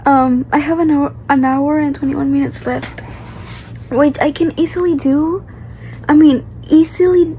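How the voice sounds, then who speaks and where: A young woman with a fairly high voice chatting casually to her phone camera at home, rambling and excitable yet drowsy from tiredness. A faint hiss of background noise sits under her voice. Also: moderate pace. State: sleepy and tired. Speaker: book vlogger. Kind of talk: casual vlog update.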